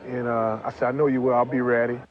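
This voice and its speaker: A man recalling a game he played in, telling it in a flat, even way. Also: medium pitch, fast, highs cut off, very noisy. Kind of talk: recollection.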